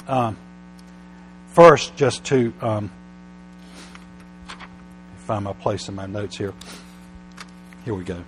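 A man preaching a sermon, often restarting his words, slow and halting at first and then building to loud, emphatic passages. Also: lowish voice, a little hiss or hum, rough recording.

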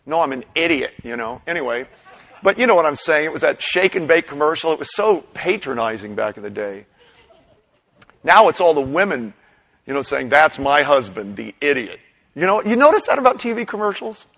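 A middle-aged man preaching a sermon, animated, swinging between loud bursts and hushed asides. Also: fairly high pitch, a little fast, gravelly, rough recording. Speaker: pastor.

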